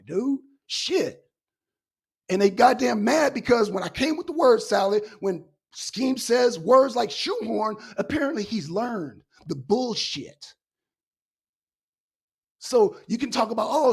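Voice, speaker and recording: Husky woman ranting, swearing hard. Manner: swears constantly, loud bursts, then trails off low. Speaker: co-host. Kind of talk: heated profane rant on a live talk stream.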